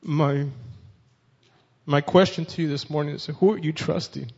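A man preaching a sermon with a fairly high voice, his words ringing out in a long hall reverb. He reads scripture with building force and then talks plainly to the congregation. The sound is a little dull and muffled. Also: fairly even intonation, moderate pace, gravelly, a little mellow, husky.

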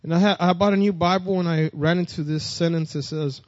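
A man's voice: on the high side, steady tone, a little fast, hardly any pauses, no echo, lo-fi sound. A man preaching a sermon. He reads scripture and then talks plainly, repeating and restarting phrases, and his voice rises when he reads verses.

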